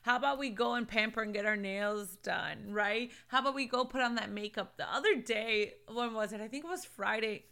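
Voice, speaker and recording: A woman's voice: a little high, moderate pace, creaky, pushed and bright. A woman giving casual, earnest faith and self-care encouragement to viewers, calling them "sis" and "babe" and mixing in Spanish phrases. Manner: earnest, encouraging, laughs between points. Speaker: Christian lifestyle vlogger. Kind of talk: casual motivational talk to camera.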